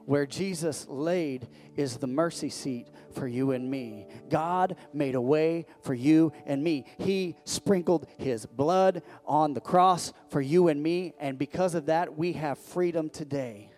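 A man's voice: fairly high pitch, measured pace, a little mellow, faint music behind. A man preaching a sermon as pastor, talking conversationally and breaking into sudden emphatic rises.

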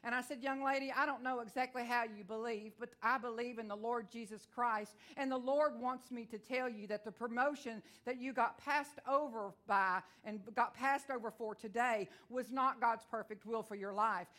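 Texas lady preaching a sermon, lots of amens, kinda high pitched, folksy and lively. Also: moderate pace, few pauses. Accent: Texan.

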